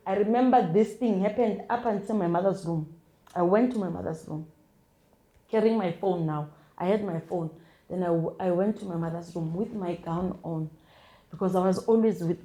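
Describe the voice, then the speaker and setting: A young South African woman telling a personal testimony as an interview guest, in a halting, hesitant way full of restarts and repeated words. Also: medium pitch, warm tone. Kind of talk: emotional first-person storytelling.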